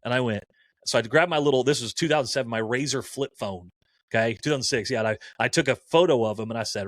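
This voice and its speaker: Man, 40s, campus minister, casual storytelling, animated quoted dialogue, medium pitch, dry recording. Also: fast talker, dry recording.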